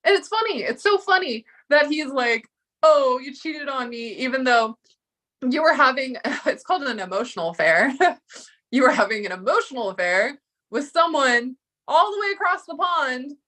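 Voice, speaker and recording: A woman's voice: high voice, lively intonation, moderate pace, pushed and bright. A woman giving a casual confessional monologue, emotional and profane, acting out the lines of the people she quotes. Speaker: storyteller recounting a breakup.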